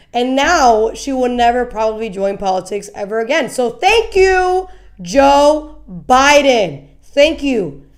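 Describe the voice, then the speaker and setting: A woman hosting a live political talk show, blunt and animated, often repeating words as she talks. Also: fairly high pitch. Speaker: host. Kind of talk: casual political commentary.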